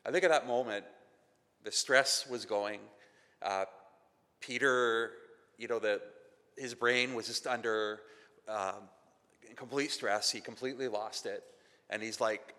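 A Canadian pastor preaches with a bright, forceful tone, slipping into conversational, self-deprecating stories and acting out other people's lines. His voice rings out into a large hall with a long reverb tail behind every phrase. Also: mid-range voice, fairly even intonation, a little slow, pauses often. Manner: conversational, self-deprecating storytelling with acted quotes. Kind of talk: sermon.

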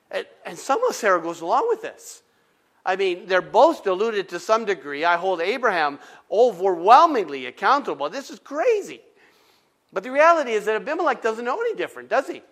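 A man's voice: high voice, brisk. A middle-aged male pastor preaching a sermon, telling stories with acted-out dialogue and conversational asides. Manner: animated storytelling, acts out dialogue, conversational asides.

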